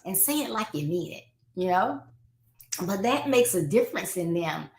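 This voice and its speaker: A woman's voice: on the low side, lively intonation, normal speed, a little mellow. A woman life coach hosting a live parenting advice talk, speaking conversationally and acting out exchanges between parents and children. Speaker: life coach and show host. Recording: roomy echo.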